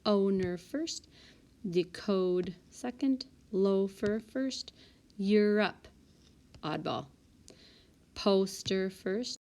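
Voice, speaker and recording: A woman teacher calmly and methodically working through a spelling list for small reading groups, correcting herself aloud now and then. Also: medium pitch, drawn-out words, pauses often. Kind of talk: recorded spelling lesson walkthrough. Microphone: tablet microphone.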